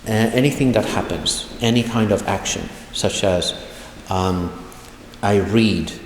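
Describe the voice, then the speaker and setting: A man teaching an online language lesson, speaking slowly and deliberately and repeating example phrases. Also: fairly low pitch, slight background noise. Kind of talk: online video lecture. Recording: echoey room with long reverb.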